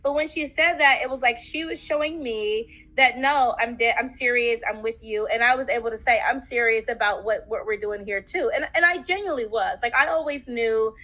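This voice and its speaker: Interview guest: woman, high and bright voice, lively casual storyteller. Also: low-quality recording. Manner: animated, acts out quotes, many fillers.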